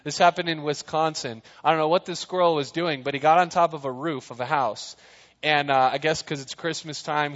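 A man preaching a relaxed sermon, chatty and quick with jokes, turning to the room with questions. His voice sits a little high for a man. It rings out in a large hall with a long tail of reverb, and the sound is slightly dull. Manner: chatty, jokey, asks the crowd questions. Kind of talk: casual sermon.

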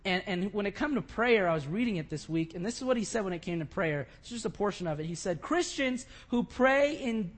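A man preaching a sermon, moving from quiet scripture reading to loud, impassioned crying out. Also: high-pitched, animated, a little fast, hardly any pauses. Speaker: pastor.

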